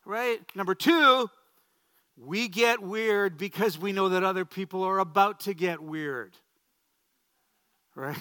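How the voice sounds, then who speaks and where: A man's voice: sits high, slow pace, pauses often, bright, forceful tone, clear, resonant tone, no echo. A man in his fifties, a pastor, preaching a sermon in a storytelling way, with humorous asides and repeated phrases.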